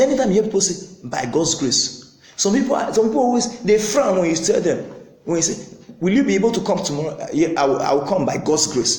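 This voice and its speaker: A man's voice: sits high, echoey room, low-quality recording. A man preaching a sermon as pastor, emphatic, repeating phrases and acting out quotes.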